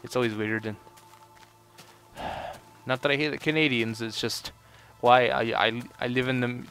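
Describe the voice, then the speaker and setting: A man's voice: mid-range voice, fairly even intonation, moderate pace, fairly bright tone. A young man giving casual let's play commentary, rambling and full of "you know" fillers. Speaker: gameplay commentator.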